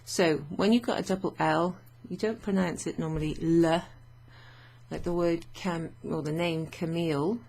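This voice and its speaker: A woman's voice: fairly low pitch, steady tone, moderate pace, vocal fry, hardly any pauses, darkish tone. A woman teaching French vocabulary to learners, chatty and thinking aloud with fillers and frequent little laughs.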